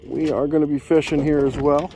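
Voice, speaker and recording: A man's voice: a little high, level tone, fairly quick, creaky, mellow, slight background noise. A man talking casually to his viewers while bank fishing, recorded on a chest-mounted camera, chatty and self-deprecating. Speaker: fishing vlogger. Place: outdoors on a lake bank.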